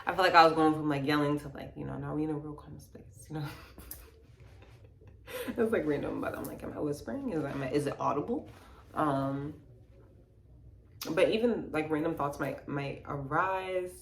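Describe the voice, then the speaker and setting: Young woman, deep gravelly voice, laid-back wellness vlogger, faint room echo. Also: normal speed, pauses often, a little hiss or hum. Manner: relaxed, slangy, soft-spoken, drifts into near-whisper. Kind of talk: casual guided talk and meditation.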